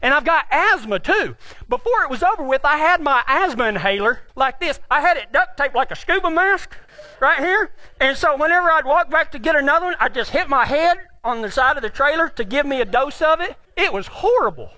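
A man's voice: very high voice, expressive, a little fast, sharp tone, dry recording. A man from Texas with a Texan accent, telling a funny, folksy, self-mocking story about himself. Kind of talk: humorous storytelling.

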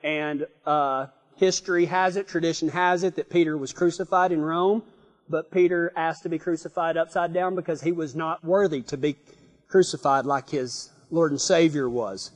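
A man preaching a sermon in an animated, folksy storytelling manner. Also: fairly high pitch, moderate pace. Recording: long reverb.

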